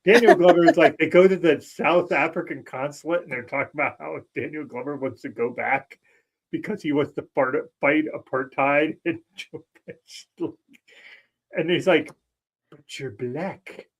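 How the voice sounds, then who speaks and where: A man co-hosting a podcast in casual chat, animated and laughing often as he wanders onto tangents. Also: fairly high pitch, moderate pace, slightly rough. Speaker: podcast co-host.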